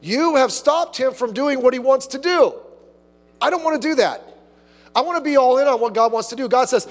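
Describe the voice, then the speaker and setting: A man preaching a sermon as pastor, animated, acting out little asides and quotes. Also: very high-pitched, moderate pace, big-room sound.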